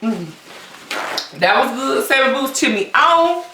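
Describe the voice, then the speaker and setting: A woman vlogger chatting casually to camera between bites, often pausing on long hums. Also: sits high, very animated, noisy background. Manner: chatty, talks between bites with drawn-out mms. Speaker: mukbang vlogger. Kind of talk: casual eating chat to camera. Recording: roomy sound from a distance.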